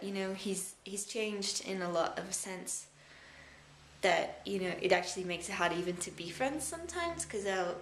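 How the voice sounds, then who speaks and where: A woman's voice: mid-range voice, a bit bright. Young woman, Australian accent, reflective rambling vlog, roomy echo, faint hiss behind. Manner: rambling, reflective, halting with many fillers. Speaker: vlogger. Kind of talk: rambling personal time-capsule vlog. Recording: echoey room with faint background noise.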